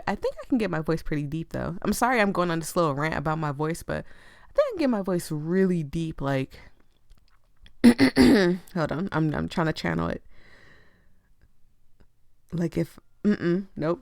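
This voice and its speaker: Deep voiced girl w a lisp, chatty gamer, slow talker, dry close sound. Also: expressive, vocal fry, dry recording. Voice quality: deep voice for a woman, slight lisp. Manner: chatty, laughs often, ranting. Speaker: game streamer. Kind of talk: casual let's play commentary.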